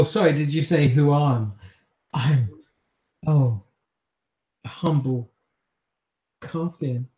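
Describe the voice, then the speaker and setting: Man doing a caged young vampire, wheedling, stammering, gravelly, dark, echoey room. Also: a little high. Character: young male vampire prisoner, pleading and wheedling.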